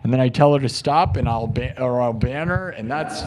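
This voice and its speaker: Between songs on a live music stream, a man with a slightly high voice and lively intonation chats casually at a slightly quick pace. He rambles and restarts his sentences while talking over live looped music.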